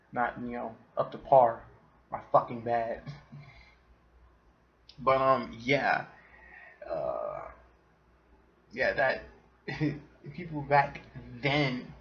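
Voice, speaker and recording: A man's voice: medium pitch, muffled recording. A man hosting a casual solo podcast, ranting with lots of swearing and frequent laughter. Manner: profane, animated, laughs often. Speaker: podcast host.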